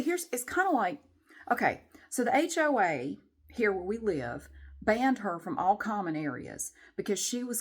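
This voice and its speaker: A woman vlogger telling a story to camera in an animated, exasperated way. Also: fairly low pitch.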